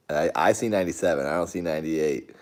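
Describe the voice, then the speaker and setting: A man hosting a casual live stream, rambling to his chat with sudden excited outbursts. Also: a bass voice.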